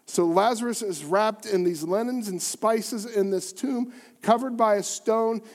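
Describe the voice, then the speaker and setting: A man preaching a sermon as pastor, telling a story dramatically with rhetorical questions and swings between quiet and loud. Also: very high voice.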